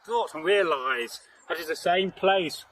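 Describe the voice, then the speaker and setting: Speaking a little slowly yet animatedly, a man with a fairly bright voice on the high side tells a folktale, captured on poor audio. He's the channel host, outside in nature, rambling casually and chatting, laughing and joking with a companion.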